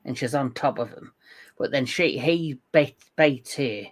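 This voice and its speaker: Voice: mid-range voice, unhurried. Co-host recapping film scenes. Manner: recaps scenes in detail, swears casually. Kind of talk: casual film discussion.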